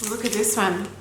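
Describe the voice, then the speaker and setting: A woman's voice: a little high, heavy background noise. Gushing woman unboxing makeup. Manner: gushing, gasps often, effusive exclamations. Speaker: beauty vlogger and mother. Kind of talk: excited unboxing chat. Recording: echoey room with faint ambience.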